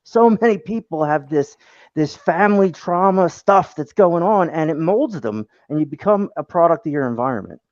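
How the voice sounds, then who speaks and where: A man's voice: on the high side, animated, moderate pace, no room sound, highs cut off. A man hosting a casual podcast chat, encouraging and affirming.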